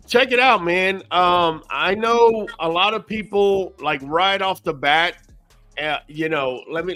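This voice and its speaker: A man's voice: fairly high pitch, sharp tone. A man hosting a live podcast, upbeat and hyped, often calling people "man". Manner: upbeat, hype, says "man" a lot. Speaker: podcast host.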